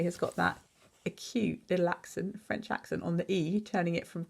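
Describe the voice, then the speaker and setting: Teacher lady reading a storybook, chatty, keeps asking questions, fairly low voice. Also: fairly even intonation, brisk, vocal fry, husky. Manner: chatty, asks the listener questions. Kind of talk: reading a picture book aloud with commentary.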